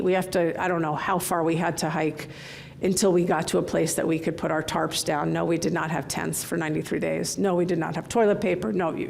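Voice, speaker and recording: A middle-aged woman giving a conference keynote from the stage, telling candid stories in an animated way. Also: on the low side, creaky, slight background noise. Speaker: keynote speaker. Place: large conference hall.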